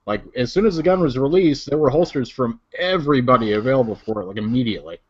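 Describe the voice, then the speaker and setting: A man on a podcast panel, making his point in a measured, deliberate way. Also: mid-range voice, expressive, a little mellow, slightly rough, muffled recording. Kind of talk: casual podcast chat.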